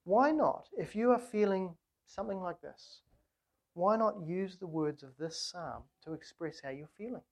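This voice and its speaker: Earnest low-voiced woman preaching. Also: normal speed, a little mellow. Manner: earnest, with rhetorical questions and emphatic repetition. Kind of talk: sermon on a psalm.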